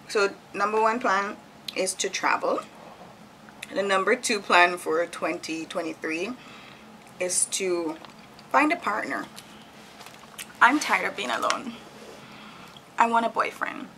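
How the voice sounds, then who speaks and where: A woman in her thirties from Jamaica chats openly about her plans, often breaking into laughter. Her voice sits a little low, with a gravelly, fry-heavy texture and a bright, forceful edge. A faint hum of ambient noise runs under the home recording. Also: slow, pauses often, poor audio. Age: 30s. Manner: chatty and candid, laughs often. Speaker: vlogger. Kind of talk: casual chat while decorating.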